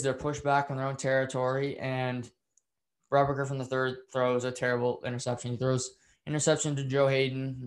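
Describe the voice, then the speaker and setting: Opinionated man recapping a football game. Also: mid-range voice. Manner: opinionated, rambling with fillers and restarts, gets heated. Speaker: football commentator.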